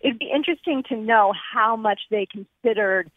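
A woman's voice: a little high, normal speed, no echo. Woman guest on a tinny phone line. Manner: animated, laughing, thoughtful. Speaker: guest commentator. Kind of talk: casual chat.

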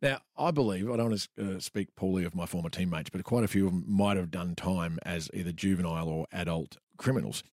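A man's voice: low voice, quick pace, few pauses, darkish tone, no room sound, clean studio sound. A middle-aged man with an Australian accent, a podcast host reading aloud from his own memoir and chatting, often breaking into laughter.

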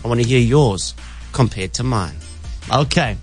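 Playful radio host. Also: male voice, mid-range voice, normal speed, soft background music. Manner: playful, sets up jokes. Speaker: radio morning show host. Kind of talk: casual radio banter.

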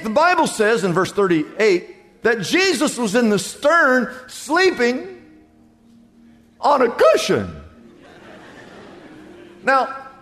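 A man preaching a sermon as pastor, with dramatic swings from quiet to loud. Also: big-room sound. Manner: dramatic preaching with big swings in pitch and volume.

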